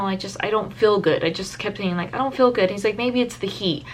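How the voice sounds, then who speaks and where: A woman's voice: mid-range voice, brisk, few pauses. A young woman speaking candidly to her viewers in a mid-range voice, circling back and restarting her sentences as she goes. A faint hiss of room noise sits under her voice. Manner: candid, rambling, many "like" fillers and restarts. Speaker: vlogger. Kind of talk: personal storytelling to camera.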